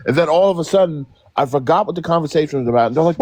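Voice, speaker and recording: A man chatting on a livestream with a lively, swooping pitch that climbs high whenever he acts out a quote. His manner is blunt and profane. The sound is dry and close, with no room around it. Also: rapid-fire, few pauses, no room sound. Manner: animated, profane storytelling with acted quotes. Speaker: livestream co-host. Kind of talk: casual chat.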